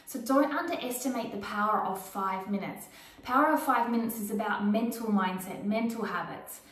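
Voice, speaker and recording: A woman's voice: mid-range voice, moderate pace, a bit bright. A woman fitness instructor guiding a workout, encouraging and cueing moves and counting time. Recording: echoey room, mic far off, faint music.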